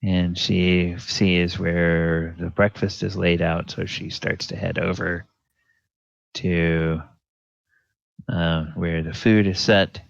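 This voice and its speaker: A man narrating a tabletop game as dungeon master, talking haltingly with many fillers. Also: low-pitched, level tone, gravelly, no echo, lo-fi sound.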